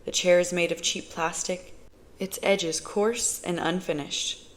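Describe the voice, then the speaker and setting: Audiobook reader, female, unhurried first-person narration. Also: lowish voice, steady tone. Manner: slow, measured reading.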